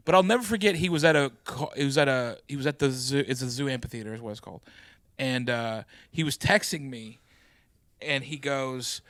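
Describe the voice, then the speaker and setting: A man hosting a podcast, telling stories in casual chat and acting out quotes loudly. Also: mid-range voice, a little fast, no room sound, studio quality. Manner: animated storyteller, loud acted-out quotes. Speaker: podcast host.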